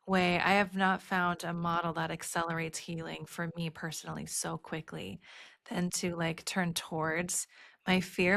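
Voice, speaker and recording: Gravelly-voiced woman in her thirties. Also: fairly low pitch, fairly bright tone. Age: 30s. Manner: earnest, heavy use of "like" and "you know". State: teary, emotional. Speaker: podcast host, birth educator. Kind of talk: casual conversational chat.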